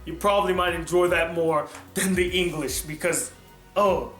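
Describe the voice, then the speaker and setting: Animated male film reviewer, high pitch; roomy sound. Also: normal speed. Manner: animated, emphatic and exclamatory. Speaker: film reviewer and channel host. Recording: roomy echo with faint music.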